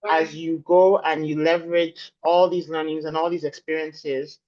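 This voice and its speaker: A woman's voice: sits low, little pitch movement, moderate pace, a little mellow. A woman, a program leader giving a reflective closing speech over a video call, stacking phrases for emphasis. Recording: dull lo-fi call audio.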